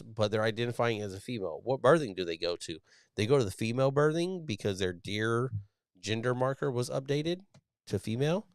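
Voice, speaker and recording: A man's voice: mid-range voice, lively intonation, normal speed, clean tone, dry recording, studio quality. A man in his thirties hosting a casual live show, talking bluntly with lots of swearing and restarts. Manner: blunt, profane, rambling with many restarts. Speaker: podcast host, Navy sailor. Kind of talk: casual live-stream talk.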